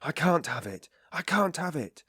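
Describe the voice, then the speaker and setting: A man's voice: fairly low pitch, lively intonation, normal speed, husky, no room sound, studio quality. Curt, irritable feverish young man, voiced by a narrator.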